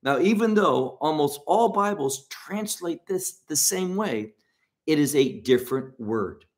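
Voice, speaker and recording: A male Bible teacher talks slowly and deliberately, leaning hard on key words. His voice sits a little high and swings widely in pitch. He keeps an earnest teaching tone. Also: animated.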